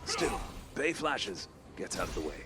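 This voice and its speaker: A man's voice: lowish voice, huge pitch swings, a little slow. A man doing play-by-play esports commentary with a theatrical, joking manner, hamming it up as an old man.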